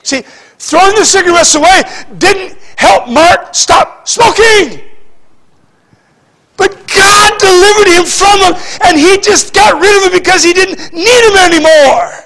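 A pastor preaching a sermon, repeating words and swinging between shouting and hushed speech. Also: male voice, very high voice, a little slow, creaky.

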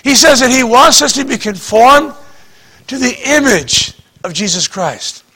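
A man's voice: very high-pitched, lively intonation, a little slow, bright, forceful tone, breathy edge. A man preaching a sermon as pastor, talking to the congregation in a conversational way, full of rhetorical questions and restarts.

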